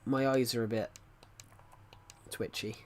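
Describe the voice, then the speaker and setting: A man streaming and chatting to his viewers in a loose, rambling way. His sentences often restart mid-thought. His voice sits at a mid pitch for a man. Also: fairly even intonation, takes it slowly. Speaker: livestreamer. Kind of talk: casual livestream chat.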